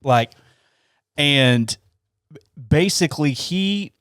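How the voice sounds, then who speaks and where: A man from Georgia chatting on a podcast, his voice sitting a little high for a man. He laughs often and stumbles over his words. The sound is dry and close. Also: lively intonation, extremely slow, fairly bright tone, clean tone, dry recording. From Northeast Georgia. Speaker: podcast co-host. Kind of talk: casual chat.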